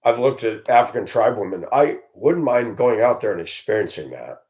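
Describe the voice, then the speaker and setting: A man's voice: mid-range voice, lively intonation, moderate pace, darkish tone. A man vlogging alone, speaking in a blunt, indignant, ranting way. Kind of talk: solo opinion monologue.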